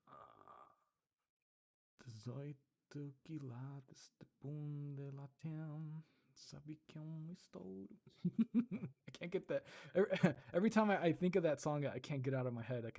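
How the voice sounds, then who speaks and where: A man's voice: mid-range voice, gravelly, dark tone, dry recording, clean studio sound. A man from Europe hosting a casual livestream, chatting with viewers, laughing often and sounding out Portuguese words. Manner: chatty, laughs often, answers chat while practicing Portuguese aloud. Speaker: livestream host and ASMR creator.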